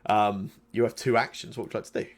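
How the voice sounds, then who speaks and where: A man's voice: fairly low pitch, fairly even intonation, quick pace. Rambling male game master. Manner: rambling, filler-heavy narration with frequent restarts. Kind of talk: narrating a tabletop game.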